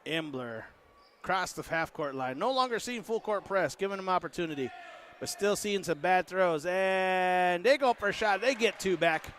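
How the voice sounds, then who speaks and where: A man with a high voice calls a basketball game play by play in an easy, joking way. He keeps up a running patter and makes up lines for the players, with a ball bouncing faintly in the gym behind him. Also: expressive, normal speed, a bit bright, a little hiss or hum. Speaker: play-by-play announcer. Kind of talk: casual sports commentary.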